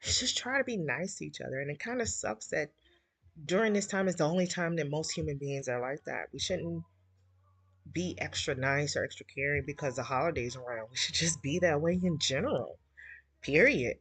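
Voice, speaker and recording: A woman's voice: sits low, moderate pace, fairly bright tone, slightly rough, dry recording. A middle-aged woman, hosting a livestream and rambling emotionally while she reads viewer comments. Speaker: livestream host. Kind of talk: casual heartfelt livestream chat.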